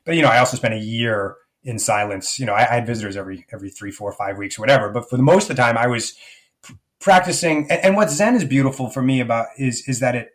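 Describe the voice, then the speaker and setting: A middle-aged man speaking as a life coach guest in an interview, thoughtful and searching, often restarting his sentences. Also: medium pitch. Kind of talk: reflective conversational interview.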